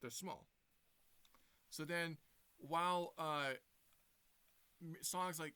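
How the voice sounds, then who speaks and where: A man's voice: a little high, slow pace, long pauses, pushed and bright, smooth, dry recording. A young man casually retelling a movie plot for his review, rambling with lots of restarts. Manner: rambling, many fillers and restarts.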